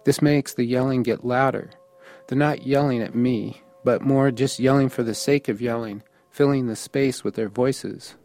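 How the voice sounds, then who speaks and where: A man's voice: medium pitch, a little mellow. Man narrating a first-person story. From United States. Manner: matter-of-fact, observational.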